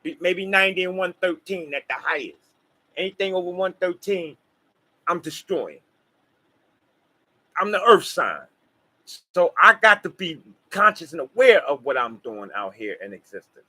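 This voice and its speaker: A man's voice: high voice, sharp tone, low-quality recording. A man with a Southern US accent giving a rambling, preachy motivational monologue straight to his viewers. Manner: preachy, emphatic, talks straight to the audience. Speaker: vlogger.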